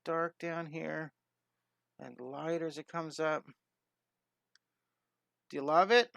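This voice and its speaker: Middle-aged male art teacher on a live stream, chatty and eager, bright tone, dry close sound. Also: on the high side, fairly even intonation, creaky, no echo. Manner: enthusiastic, chatty, greets viewers, quick cat sound effects. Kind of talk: live-streamed drawing lesson.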